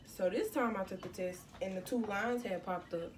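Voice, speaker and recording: A teenage woman telling her own story in a casual storytime vlog, animated and slangy, with bursts of exclamation. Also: medium pitch, moderate pace, distant mic, a little hiss or hum. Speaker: vlogger.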